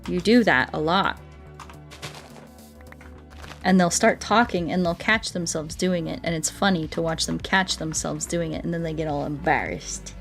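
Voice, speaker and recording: A woman's voice: deep voice, moderate pace. A woman from the United States with an American accent, chatting casually and playfully while streaming a game. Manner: chatty, playful, laughs often, talks to chat and animals. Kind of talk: casual gaming chat. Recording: faint music behind.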